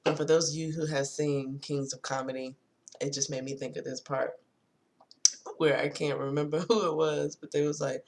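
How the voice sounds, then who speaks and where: A woman's voice: sits low, fairly even intonation, darkish tone, slight background noise. A woman talking casually to viewers in a spiritual vlog, reading from her notes, often drifting off topic and apologizing. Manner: reads notes slowly, rereads long sentences. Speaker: spiritual vlogger.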